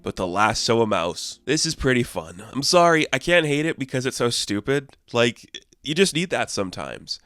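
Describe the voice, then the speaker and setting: A man's voice: mid-range voice, sing-song, moderate pace, a bit bright, dry recording. A man giving a casual, rambling comic book review, full of fillers and amused asides.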